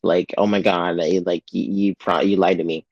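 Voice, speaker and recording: A lower-pitched man talks loosely through a TV episode, stumbling over restarts and filling gaps with "like." He pops his voice up high whenever he quotes someone. The sound is dry and a little dull, as on a home podcast mic. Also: little pitch movement, normal speed, darkish tone, no room sound. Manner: rambling, full of "like" and restarts, acts out quotes in a raised voice. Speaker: podcast co-host. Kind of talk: casual chat recapping a TV episode.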